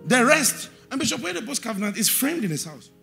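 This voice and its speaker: A man with a Ghanaian English accent preaching a sermon in a church, repeating verse references and swinging from quiet asides to shouted, sing-song emphasis. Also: very high voice, sing-song, quick pace, vocal fry, faint music behind.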